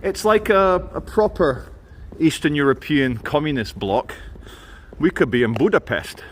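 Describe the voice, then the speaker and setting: A man's voice: a little high, expressive, unhurried, a little hiss or hum. Chatty man giving a walking city tour. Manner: chatty, jokey tour-guide commentary. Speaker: vlogger. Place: outdoors in a city.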